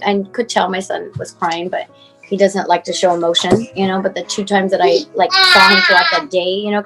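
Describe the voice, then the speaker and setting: A woman in her forties tells a personal story at a middle pitch, rambling and filling her speech with "like" and "you know." She is recorded on a clip-on mic, with faint music underneath. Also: poor audio. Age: 40s. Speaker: mother telling her son's story as a guest. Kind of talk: emotional personal account.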